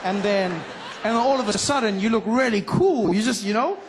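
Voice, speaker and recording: A man from Africa, performing a lively stand-up comedy routine and acting out voices. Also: high voice, normal speed, slightly rough. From South Africa. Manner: animated, acts out voices and laughs.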